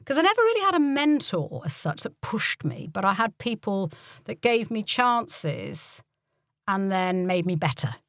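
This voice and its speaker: A woman's voice: mid-range voice, sing-song, unhurried, no echo, studio quality. An older woman from the UK, a voiceover artist and coach, telling stories casually in an interview. She acts out the people she quotes and laughs often.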